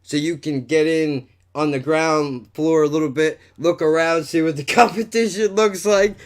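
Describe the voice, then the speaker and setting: A man hosting a podcast, telling a story in a casual, animated, profane way and saying "dude" and "bro" a lot. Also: a little high, normal speed. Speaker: podcast host.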